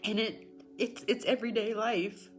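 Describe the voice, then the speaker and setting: A woman's voice: mid-range voice, fairly even intonation, moderate pace, soft background music. A middle-aged woman hosting a spiritual talk show, speaking earnestly and encouragingly to her viewers and repeating herself for emphasis. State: tearful at times. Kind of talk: emotional personal talk to viewers.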